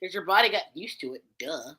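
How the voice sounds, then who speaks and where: Brief: high-pitched woman, very animated delivery, bright tone, casual crude reaction banter. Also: moderate pace. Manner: swears freely, laughs often, repeats words. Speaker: co-host reacting to videos.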